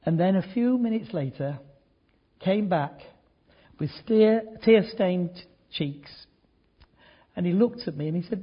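An older man preaching a sermon, telling a story earnestly, dropping to hushed tones and rising to emphatic points. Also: sits high, animated, takes it slowly, pauses often, breathy edge, lo-fi sound.

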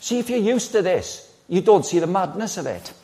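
Male preacher, 60s, high-ish voice, lots of rhetorical questions, casual sermon delivery. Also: moderate pace. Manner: lively, conversational, rhetorical questions, playful asides.

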